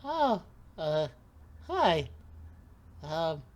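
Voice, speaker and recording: A man's voice: on the high side, big pitch swings, very slow, darkish tone, voice pushed up, exaggerated voice. A man voicing a shy, flustered female gnome who stammers nervously.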